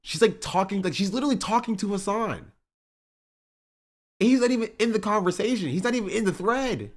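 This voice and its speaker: A man's voice: high voice, animated, a little fast. A male streamer in casual chat, reacting to online drama in a rambling, exasperated way with many filler words.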